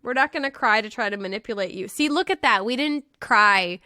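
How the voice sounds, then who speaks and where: A woman's voice: fairly high pitch, expressive, brisk, pushed and bright, no echo, studio quality. Wry, teasing woman podcast co-host. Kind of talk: casual chat.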